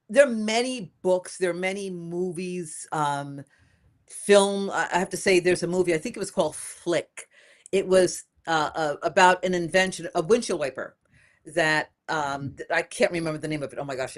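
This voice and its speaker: An older woman being interviewed as a guest, talking in a lively, emphatic way and repeating phrases for emphasis. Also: lowish voice, moderate pace. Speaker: inventor and guest. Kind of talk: casual interview.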